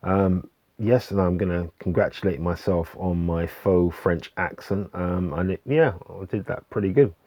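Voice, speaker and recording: A man casually reviewing albums he recommends, hesitant with many fillers and restarts, relaxed and enthusiastic. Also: deep voice, moderate pace, no room sound. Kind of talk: casual music review vlog. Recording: dull lo-fi dry recording.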